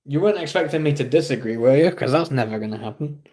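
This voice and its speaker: A man's voice: medium pitch, lively intonation, fast, a little mellow. An English man hosting a casual livestream, reading viewers' chat aloud and answering with blunt, teasing remarks. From England. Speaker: livestream host.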